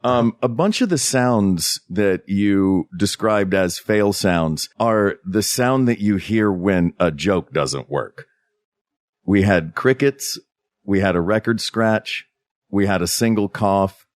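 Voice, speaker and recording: A man with a lowish voice co-hosts a comedy podcast in a dry, deadpan manner. His voice is recorded close, with no room sound. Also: slow, no echo. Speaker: podcast co-host. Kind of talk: improvised comedy chat.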